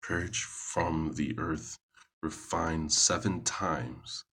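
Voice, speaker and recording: A man with an extremely deep, husky voice reads scripture aloud at an unhurried pace. He stumbles and corrects himself as he goes, and stops now and then for casual asides. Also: sharp tone. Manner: halting, self-correcting reading. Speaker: Bible reader.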